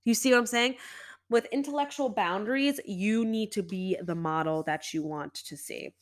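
A woman's voice: mid-range voice, normal speed. A young woman hosting a solo podcast, talking casually and chattily with lots of "you know" fillers. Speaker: podcast host.

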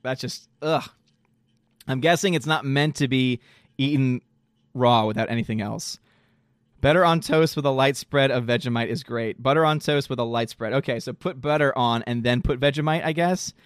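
A man casually live-streaming, reading chat aloud and reacting in an animated way, throwing in lots of "dude" and "man.". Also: medium pitch, normal speed, dry recording, clean studio sound. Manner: animated, exclaiming, says "dude" and "man" a lot.

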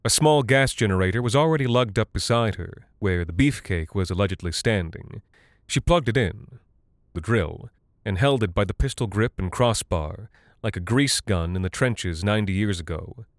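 A man narrating a dark literary story in a measured, deadpan way. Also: on the low side, no echo, studio quality.

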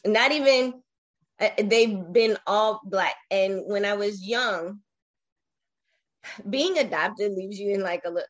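A woman in her forties telling her personal story as an interview guest, reflective and emotional, pausing often with fillers. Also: mid-range voice. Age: 40s.

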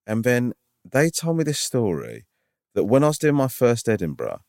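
A man, a stand-up comedian and podcast co-host, telling an animated story in casual chat with lots of "like" and "right?". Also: mid-range voice, moderate pace, no room sound, studio quality. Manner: animated, full of fillers like "like" and "right?".

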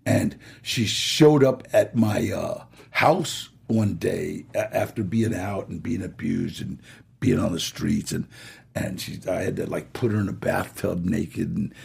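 A middle-aged man, an actor being interviewed, telling stories in a gravelly, husky voice, acting out quotes and laughing as he goes. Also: fairly low pitch. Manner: animated storyteller, acts out quotes and laughs. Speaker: actor guest. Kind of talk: storytelling interview.

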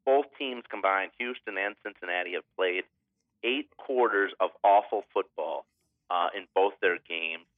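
A man's voice: low voice, unhurried, no room sound. A man co-hosting a casual sports betting podcast, hesitant and full of fillers. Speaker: podcast co-host. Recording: phone-like line.

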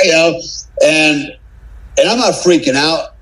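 A man's voice: fairly high pitch, normal speed, fairly bright tone, husky, low-quality recording. A middle-aged man from the United States, a podcast guest telling a casual story with swearing, tagging lines with "man" and "right?". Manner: salty, swearing, keeps adding "man" and "right?".

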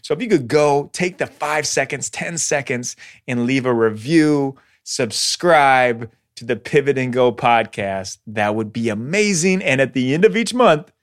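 Casting note: male podcast host, mid pitch, eager and effusive. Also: animated, unhurried. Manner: enthusiastic, effusive. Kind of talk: upbeat podcast interview.

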